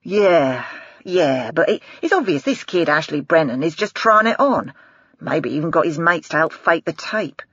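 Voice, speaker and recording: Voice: mid-range voice, sing-song, normal speed, fairly bright tone, husky, no echo, highs cut off. Reader voicing a dismissive sceptical male cop. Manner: curt, dismissive.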